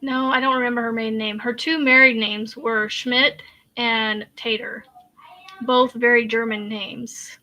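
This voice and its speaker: Bright-voiced, slow-talking woman crochet host. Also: a little high, little pitch movement, dull audio. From Kansas, USA. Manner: chatty, laughs often, reads viewer comments aloud. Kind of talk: casual live-stream chat.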